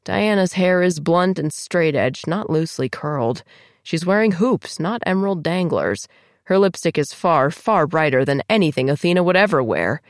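A woman's voice: on the low side, lively intonation, moderate pace, no echo, studio quality. A woman reading a first-person audiobook with a tense, emotional delivery. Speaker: audiobook narrator.

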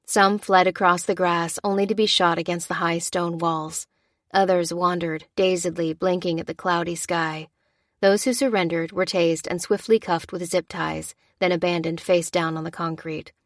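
Woman audiobook narrator, steady and lowish, dry close read. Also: moderate pace, no echo. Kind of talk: scripted narration.

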